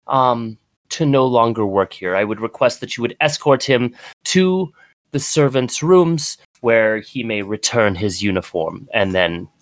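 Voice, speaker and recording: A man's voice: mid-range voice, fairly bright tone, dry recording. A man voicing a stern, haughty noblewoman who speaks formally in a dry room. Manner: formal, imperious, clipped.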